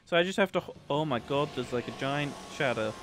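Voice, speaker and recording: A young man chatting casually while livestreaming a game, excitable and prone to nerdy tangents about graphics. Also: mid-range voice, fairly quick. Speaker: game streamer.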